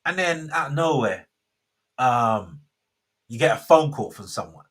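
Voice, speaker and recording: Husky, rambling man. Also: mid-range voice, animated, unhurried, a bit bright. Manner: rambling, self-interrupting. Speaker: host. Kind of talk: casual faith talk.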